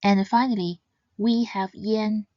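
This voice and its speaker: A woman teaching pronunciation in a scripted lesson, speaking slowly and carefully and stressing each example sound. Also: medium pitch, steady tone, warm tone, dry recording, highs cut off. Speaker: language teacher.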